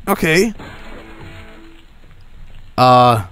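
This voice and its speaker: A young man casually commenting while he plays a video game, excitable and often swearing. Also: high-pitched, unhurried, pauses often, soft background music. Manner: excitable, swearing, laughing, reading game lines aloud. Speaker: streamer. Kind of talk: casual let's-play commentary.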